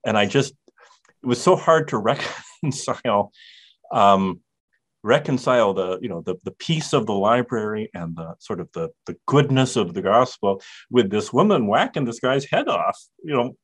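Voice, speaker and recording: A man in his fifties moderating a webinar panel over a video call, talking with animated enthusiasm. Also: mid-range voice, normal speed, breathy edge.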